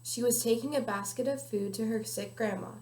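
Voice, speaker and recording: A woman's voice: a little high, brisk, a little mellow. A young woman reading a children's picture book aloud carefully, with small slips now and then. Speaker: guest reader. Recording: echoey room.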